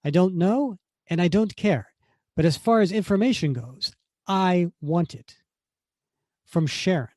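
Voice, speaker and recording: A man's voice: high-pitched, expressive, measured pace, darkish tone, dry recording, studio quality, voice pushed up. A man voicing a stern, commanding Italian countess who runs a spy agency, with a put-on Italian accent.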